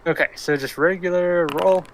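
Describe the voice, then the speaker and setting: A man's voice: high-pitched, fairly even intonation, moderate pace, fairly bright tone, slight background noise. A man playing a tabletop game, speaking hesitantly and muttering to himself. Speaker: player. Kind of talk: casual tabletop game chat.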